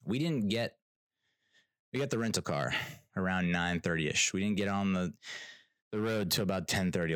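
A man's voice: low voice, dry recording, clean studio sound. A young man telling a travel story as a casual rant, exasperated and sarcastic, laughing often and swearing.

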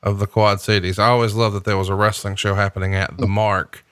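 A man's voice: lowish voice, little pitch movement, quick pace, fairly bright tone, no room sound, clean studio sound. A man hosting a podcast, casually chatting and playfully ribbing his co-host while watching wrestling.

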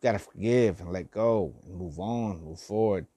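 A man's voice: low-pitched, moderate pace, warm tone, slightly rough, no room sound. An older man giving heartfelt, repetitive life advice to his listeners, swearing and using slang. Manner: heartfelt, preachy, repeats phrases, swears, slangy. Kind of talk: emotional motivational monologue.

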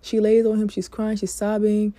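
Woman, casual vlog storytelling, candid and chatty, curses freely, very dark mellow voice, dry close sound. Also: mid-range voice, completely flat delivery, normal speed, dry recording. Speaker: vlogger giving dating advice.

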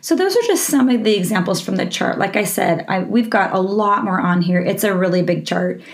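A woman's voice: mid-range voice, lively intonation, fairly quick. A woman hosting a teaching podcast, explaining a classroom reading lesson in a friendly way, with frequent ums and restarts. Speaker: literacy teaching podcast host. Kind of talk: instructional podcast talk.

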